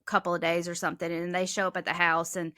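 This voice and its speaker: A woman working as an emergency dispatcher, speaking candidly and earnestly in a podcast interview, sometimes halting as she recounts hard calls. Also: lowish voice, level tone, pushed and bright, dry recording, studio quality. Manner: earnest, speaks haltingly about emotional work. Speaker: 911 dispatcher guest.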